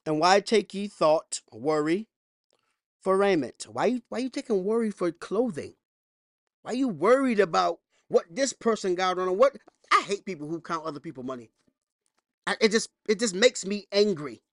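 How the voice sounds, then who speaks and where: In a church, a male pastor preaches a sermon, swinging between loud, high scripture reading and low, conversational storytelling, blunt and emphatic with repeated phrases. His intonation is lively at a moderate pace, and the studio-quality recording has no echo.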